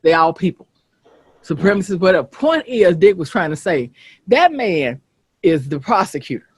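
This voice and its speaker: A host from the American South, chatting casually, telling stories bluntly and swearing freely. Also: female voice, lowish voice, moderate pace, breathy edge, dry recording. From Southern United States. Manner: animated, blunt, swears freely, asks "you get what I'm saying". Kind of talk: casual storytelling chat. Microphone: streaming setup.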